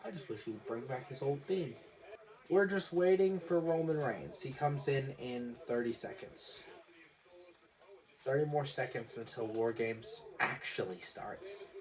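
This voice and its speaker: A man calling a wrestling match live with a friend, in quick, excitable play-by-play and dry jokes. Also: mid-range voice. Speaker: wrestling watch-along host. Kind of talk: casual live reaction commentary.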